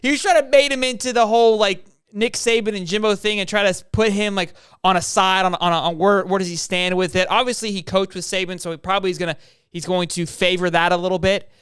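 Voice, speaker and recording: A young man co-hosting a casual sports podcast, animated and joking, laughing often. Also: high-pitched, fast, clear, resonant tone, no room sound, clean studio sound. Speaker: podcast co-host.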